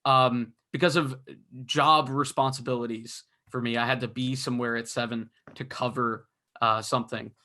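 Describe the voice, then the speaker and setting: Talking through hockey games on a casual podcast he co-hosts, this young man rambles, restarts, and leans heavily on fillers. His medium-pitched voice is sharp and steady in tone, at a moderate pace.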